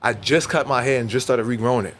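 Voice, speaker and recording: Animated New man telling stories. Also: medium pitch, fast talker, slight background noise. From New York. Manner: animated storyteller who acts out dialogue. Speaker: rapper guest. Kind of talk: casual interview storytelling.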